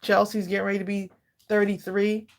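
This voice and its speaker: This craft channel host, a woman in her sixties, speaks fairly quickly in a medium pitch with a flat delivery. On her livestream she greets viewers by name, talks with them warmly, and often laughs between thoughts.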